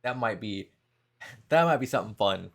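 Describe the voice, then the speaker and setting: Creaky-voiced man streaming games. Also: fairly low pitch, animated, normal speed, fairly bright tone. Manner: loose, swears casually, laughs often. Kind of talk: casual gaming chat.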